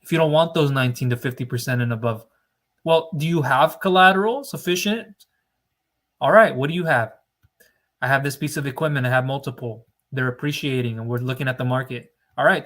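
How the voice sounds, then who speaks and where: Speaking directly to camera, a man gives his viewers advice on business funding in an emphatic, lecturing monologue. His voice is mid-range and a bit bright, and he leans hard on key words, drawing them out to drive the point home.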